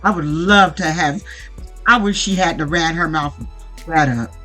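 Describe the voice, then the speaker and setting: A reality-TV recap host rants in a blunt, profane, fired-up way, with a bright, forceful voice. Faint music plays softly underneath. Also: mid-range voice, a little slow, low-quality recording. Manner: blunt, profane, animated ranting. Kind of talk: casual profane commentary.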